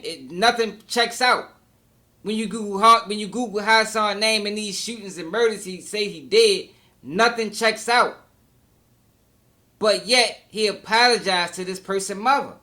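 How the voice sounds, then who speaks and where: A man's voice: high-pitched, pushed and bright. A man hosting a commentary channel, talking in a skeptical, questioning way. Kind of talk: commentary monologue.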